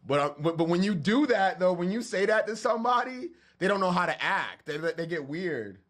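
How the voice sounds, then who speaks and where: A man's voice: high voice, very animated, normal speed, fairly bright tone. A man, talking loosely and joking with his stream chat from his studio. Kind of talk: casual livestream chat.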